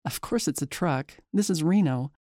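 A woman giving a chatty, lively first-person story narration. Her voice is mellow and mid-pitched, and the sound is close and dry. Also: moderate pace, dry recording.

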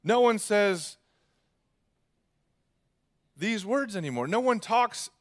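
A man's voice: high voice, animated, takes it slowly. A young man preaching a sermon in a conversational, joking manner. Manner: conversational, jokey preaching with acted asides. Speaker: pastor.

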